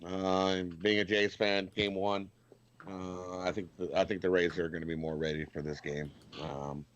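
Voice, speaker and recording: A man's voice: deep voice, little pitch movement, normal speed, slight background noise. Hesitant male panelist on muffled audio. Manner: hesitant, many uh fillers. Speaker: sports betting panelist. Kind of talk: casual sports betting chat.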